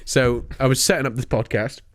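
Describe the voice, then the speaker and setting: A man's voice: mid-range voice, fairly even intonation, fairly quick, dry recording. A young man co-hosting a podcast, telling stories in a rambling way and laughing often. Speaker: podcast co-host. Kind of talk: casual chat.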